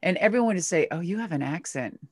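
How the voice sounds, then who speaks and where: A woman's voice: fairly low pitch, animated, quick pace, slightly rough, no room sound. A middle-aged woman from Minnesota with a Minnesota accent, telling stories in a chatty, laughing, profane way as an interview guest. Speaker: retired wrestler guest. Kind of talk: casual interview chat.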